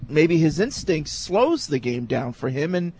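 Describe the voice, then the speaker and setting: A man's voice: fairly high pitch, sing-song, measured pace, a little mellow, husky. A man hosting a sports talk radio show, casual and conversational. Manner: conversational, leading.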